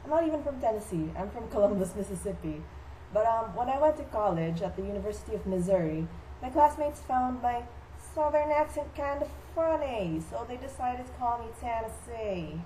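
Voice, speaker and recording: Casting: teen girl, cheeky and jokey, presenting as a playwright in a school skit, soft, mellow tone. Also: fairly high pitch, lively intonation, fairly quick, a little hiss or hum, poor audio. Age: teens. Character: playful playwright recounting his life. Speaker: student presenter. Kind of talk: school project skit, playing a famous playwright.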